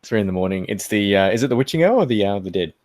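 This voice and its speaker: A man's voice: lowish voice, animated, rapid-fire, darkish tone, no room sound, clean studio sound. An Australian man in his thirties co-hosting a late-night livestream chat, joking and swearing freely. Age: 30s. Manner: joking, swears freely, slips into put-on accents. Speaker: co-host.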